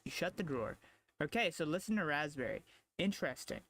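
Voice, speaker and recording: A male streamer reading a story game's text aloud and reacting with quick asides. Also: on the high side, expressive, fairly bright tone. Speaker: game streamer.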